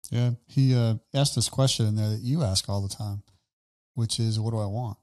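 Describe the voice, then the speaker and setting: A man co-hosting a podcast in casual chat, friendly and quick to laugh along. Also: fairly low pitch, fairly even intonation, darkish tone. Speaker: podcast co-host.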